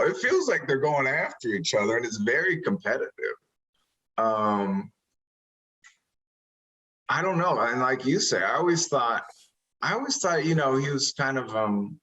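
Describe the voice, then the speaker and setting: A man, an actor being interviewed, talking casually and rambling, animated when he retells moments. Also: medium pitch, low-quality recording.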